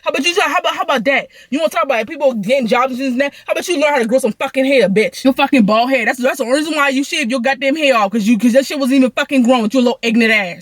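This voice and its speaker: A woman's voice: high-pitched, a bit bright, no room sound. A young woman venting through a profane, heated storytime rant. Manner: heated, profane, rapid ranting.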